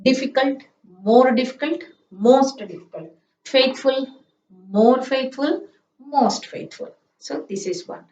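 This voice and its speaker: A woman's voice: sits high, slow pace, a little mellow. A woman teaching a grammar lesson, spelling out letters and drilling word forms. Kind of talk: slow classroom-style grammar lesson. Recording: echoey room, distant mic, dull sound, faint hiss.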